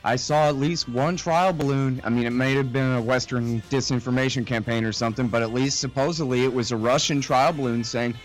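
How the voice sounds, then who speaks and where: A man joining a talk radio show as a guest, explaining political events in a measured, hedging way. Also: medium pitch, fairly even intonation, faint music behind. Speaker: guest commentator. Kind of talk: conversational political analysis.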